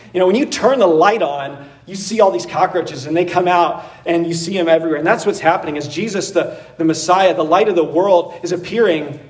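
A man preaching a sermon in a conversational, animated way, laughing and acting out voices as he goes. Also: a little high, distant mic. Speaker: pastor. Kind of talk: expository sermon.

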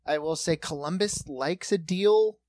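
A man's voice: on the high side, measured pace, a little mellow, no room sound. Profane, ranting male storyteller; dry, close sound. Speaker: restaurant server and bartender. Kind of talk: casual podcast chat.

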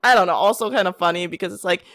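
As a podcast co-host, a woman with a lowish, slightly bright voice gossips casually at a racing pace. She giggles and rambles, her speech packed with "like," and there's no echo.

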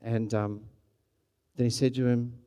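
This pastor, a middle-aged man with an Australian accent, speaks at a medium pitch in a smooth, warm, level tone without hurrying. He tells his sermon like a story, conversationally, restarting often and now and then surging with energy.

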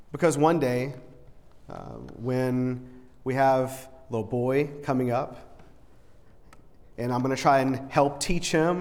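A man preaching a sermon in an earnest, conversational way, often repeating words and restarting his sentences. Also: mid-range voice. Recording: long reverb in a large hall.

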